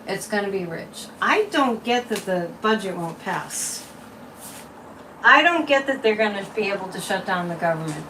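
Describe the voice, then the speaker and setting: A woman's voice: medium pitch, expressive, normal speed, bright, forceful tone, far from the mic, a little hiss or hum, low-quality recording. A woman from Massachusetts hosting a casual psychic livestream, chatty and mocking, repeating words and laughing often.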